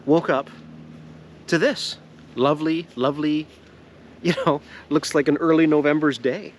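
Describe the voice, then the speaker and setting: A Canadian vlogger with a higher-pitched voice chats casually outdoors in the woods at a sap boil. He rambles and jokes, laughs a lot, and swears offhandedly, with a slight hiss or hum on the recording.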